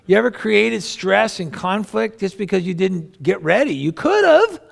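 Gravelly-voiced middle-aged man preaching casually. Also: high-pitched, normal speed. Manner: rambling, folksy, with family anecdotes and many asides. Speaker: pastor. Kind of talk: conversational sermon.

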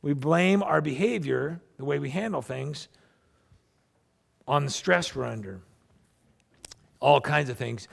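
A pastor preaches a sermon to his congregation in a gravelly, somewhat high voice, unhurried and with long pauses. He speaks animatedly, acting out the complaints people make.

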